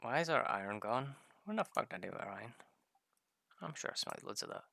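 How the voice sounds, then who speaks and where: Male gamer with a gravelly voice, casual and sweary, commentating his gameplay. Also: medium pitch, big pitch swings, fast, pushed and bright, dry recording, studio quality. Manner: rambling, profane storytelling.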